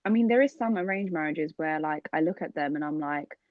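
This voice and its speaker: A woman's voice: fairly quick, dry recording. A woman in her twenties, a podcast co-host chatting casually and telling a personal story, acting out what others said with big jumps in her voice. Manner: animated storyteller, acts out quotes with big pitch jumps. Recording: dull, lo-fi, dry sound.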